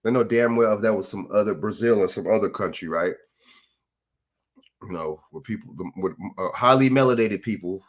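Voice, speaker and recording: Man, deep-ish voice, casual phone rant, rambling, rhetorical questions. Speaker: commentator.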